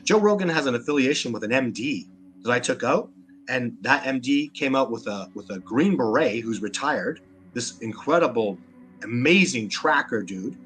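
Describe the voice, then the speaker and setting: With a medium-pitched, expressive voice at a moderate pace and a fairly bright tone, a Canadian man speaks as an interview guest. He's a Sasquatch researcher, and his animated talk turns emphatic and combative, with words repeated as he gets riled up.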